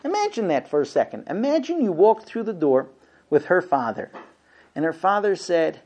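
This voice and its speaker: Man, marriage class teacher, animated, playful role-play asides, earnest lecture tone. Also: high voice, normal speed. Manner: lively, acts out husband and wife exchanges with humor; shifts between quiet earnest points and loud playful asides.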